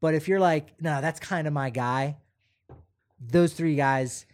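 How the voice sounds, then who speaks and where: A man's voice: fairly high pitch, a little slow, no echo. Laid-back man chatting sports. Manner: relaxed, rambling, many fillers. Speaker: podcast co-host. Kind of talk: casual sports chat.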